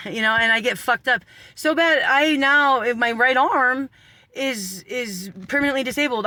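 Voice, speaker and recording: High-voiced man ranting, swearing, laughing. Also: bright, forceful tone, dry recording. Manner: swears constantly, laughs through his story; rambling, sarcastic, breaks off into asides. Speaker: vlogger. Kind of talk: profane storytelling rant.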